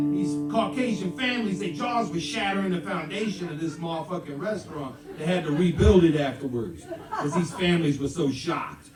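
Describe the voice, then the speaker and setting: A man's voice: fairly high pitch, moderate pace. A man telling a rambling, profane, exaggerated story live on stage between songs. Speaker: comedic storyteller and musician. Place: live music venue. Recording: echoey live room from far off, guitar.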